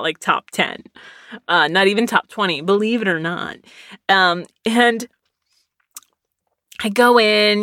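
Young woman, lower pitch, bright tone, dry close mic, rambling animated storyteller who laughs a lot. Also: no room sound. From Texas. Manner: rambling, animated, laughs often, squeals when excited. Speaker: podcaster. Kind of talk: casual storytelling.

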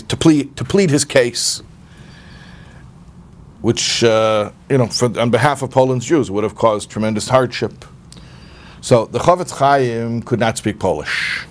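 A man teaching an informal class in a relaxed, conversational way, often repeating words as he searches for his phrasing and acting out the voices he quotes. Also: mid-range voice. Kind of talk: informal Torah class talk.

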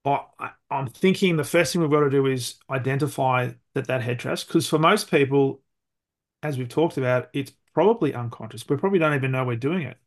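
A man hosting an interview, forming his questions haltingly and repeating words as he thinks. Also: medium pitch. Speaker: podcast host. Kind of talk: interview conversation.

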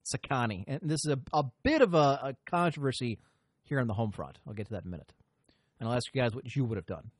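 A man's voice: mid-range voice, animated, fast, husky, dry recording. A man hosting a podcast, telling a long story in a rambling, profane way and often interrupting himself. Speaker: podcast host. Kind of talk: casual storytelling chat.

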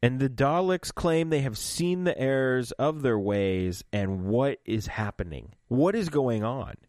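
A male podcast co-host chats casually and animatedly, often laughing as he recaps an audio drama. His mid-range voice is expressive, unhurried and darkish, captured in a dry, clean studio recording.

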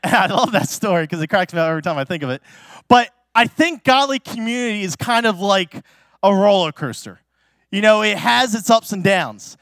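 A man's voice: high-pitched, a bit bright, no room sound, studio quality. A male pastor preaching in a church in a casual, story-driven way, talking in a chatty manner full of fillers and restarts.

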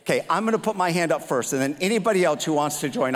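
A man's voice: fairly high pitch, brisk, few pauses, in a large hall. A man in his fifties preaching a sermon as a pastor, telling a personal story with self-mocking humor and acted dialogue. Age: 50s.

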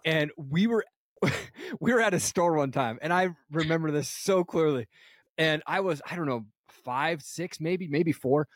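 A man in his thirties hosts a podcast with a slightly high voice, recorded dry and close over a video call. He talks in a loose, casual way, laughing a lot and tossing in "dude" and "man" all the time. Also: a little slow, no room sound. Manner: laughs often, says "dude" and "man" constantly. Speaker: podcast host. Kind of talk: casual chat.

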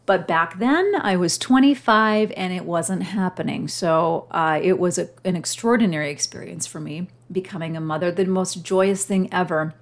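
Heartfelt woman podcast host. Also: lowish voice. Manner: warm, heartfelt and chatty, with emotional pauses. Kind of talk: personal storytelling monologue.

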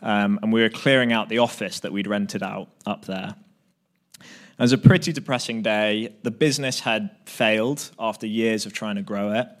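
A male preacher giving a sermon in a conversational, self-deprecating way, telling personal stories with frequent ums. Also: on the low side.

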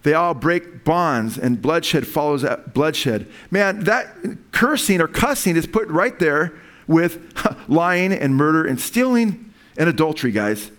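A man's voice: a little high, expressive, unhurried, fairly bright tone. Earnest man preaching a sermon. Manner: earnest, conversational preaching, rises when quoting scripture.

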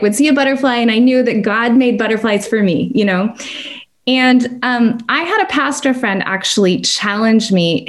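A woman telling a heartfelt personal faith story as a podcast guest, earnest and reflective. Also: medium pitch. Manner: earnest, reflective, acts out quoted voices. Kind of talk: personal testimony in conversation.

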